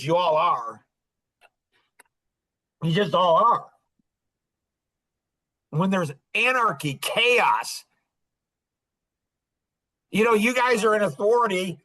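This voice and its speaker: A man's voice: high voice, fairly bright tone, rough recording. An older man as a podcast guest, talking with indignant emotion that rises and falls sharply, heard over a video call. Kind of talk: impassioned podcast talk.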